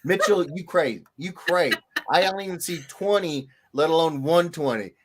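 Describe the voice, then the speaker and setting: A man hosting a casual livestream, jokey and animated as he greets viewers. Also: on the high side, moderate pace, a little hiss or hum. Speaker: host.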